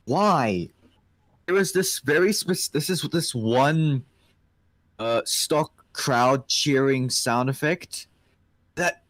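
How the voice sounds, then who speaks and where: A man's voice: fairly high pitch, no room sound. A man co-hosting a livestream, chatting casually while reading a comic and laughing often. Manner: slow, animated, frequent laughter. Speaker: livestream co-host.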